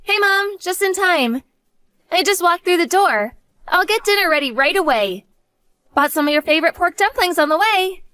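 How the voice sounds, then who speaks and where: A woman's voice: very high voice, animated, moderate pace, bright, forceful tone, no room sound, studio quality, exaggerated voice. A woman voicing an earnest, devoted college-age daughter who talks to her mother. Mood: affectionate. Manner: earnest, pleading.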